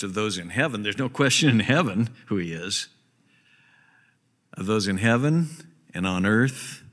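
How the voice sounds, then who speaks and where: A man's voice: lowish voice, a bit bright, big-room sound. A man preaching a sermon as a pastor, emphatic and repeating key phrases for stress. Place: church sanctuary.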